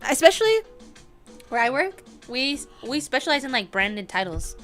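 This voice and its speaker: A woman co-hosting a casual podcast, laid-back and slangy, quick to put herself down. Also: high-pitched, big pitch swings, a bit bright, faint music behind. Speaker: podcast co-host. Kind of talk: casual chat.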